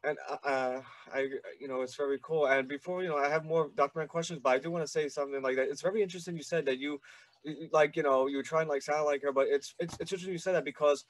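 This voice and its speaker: A man's voice: fairly high pitch, steady tone, quick pace, no echo. Young man host, rambling eager questions. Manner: rambling, full of "like" and "you know", stammering restarts. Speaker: podcast host. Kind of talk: casual interview questions.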